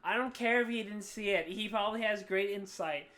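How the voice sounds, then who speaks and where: A man co-hosting a podcast while drunk, rambling loudly and swearing in casual chat. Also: sits high, a little fast. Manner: rambling, loud, profane. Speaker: podcast co-host. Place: at home, on the floor.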